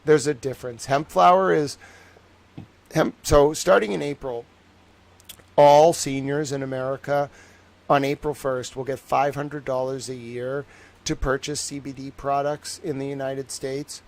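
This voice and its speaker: A man's voice: medium pitch, fairly even intonation, measured pace, creaky. Young boston guy rambling on his stream, jokey, lots of likes and ums, medium voice. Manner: rambling, joking, lots of fillers. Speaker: livestream host. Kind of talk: casual livestream chat.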